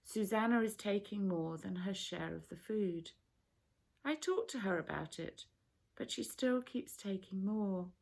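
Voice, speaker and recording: A woman voicing a calm, patient male teacher in a children's Bible story. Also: mid-range voice, measured pace, gravelly. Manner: soft, patient explaining.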